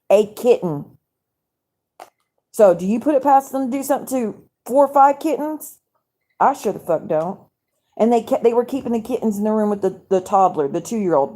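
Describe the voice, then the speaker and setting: Furious and profane, a woman streams live from home at night, rambling from complaint to complaint while talking straight to her audience in a casual tone. Her voice is mid-range, dark and mellow.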